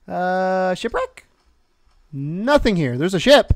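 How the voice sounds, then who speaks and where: A man's voice: on the high side, lively intonation, brisk, dry recording, studio quality. A man in his twenties hosting a let's play, thinking aloud in rambling sentences and chuckling often. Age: 20s. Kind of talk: casual gameplay commentary.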